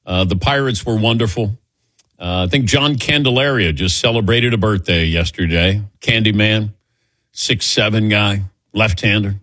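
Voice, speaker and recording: A man's voice: fairly low pitch, moderate pace, fairly bright tone, no echo. A man in his sixties hosting a call-in sports radio show, chatty and laughing easily as he tells stories. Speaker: radio sports talk host.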